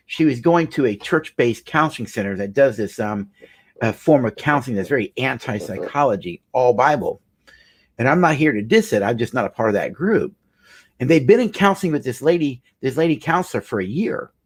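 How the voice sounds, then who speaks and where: A middle-aged male marriage counselor telling a client story in an earnest, emphatic way, often repeating phrases for weight. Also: medium pitch. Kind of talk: storytelling talk.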